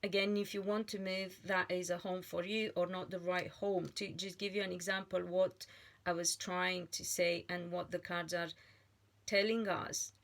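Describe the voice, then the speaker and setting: A woman giving a tarot card reading in a slow, earnest monologue, pausing often and restarting her phrases. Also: lowish voice, flat delivery, gravelly. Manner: slow and deliberate, with frequent pauses and restarts. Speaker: tarot reader.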